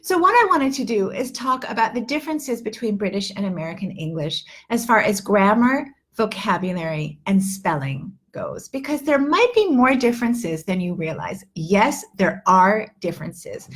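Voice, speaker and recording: A woman's voice: mid-range voice, big pitch swings, normal speed, few pauses. A woman in her fifties, an English teacher and accent coach, giving a chatty, earnest live online lesson with many fillers and restarts. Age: 50s.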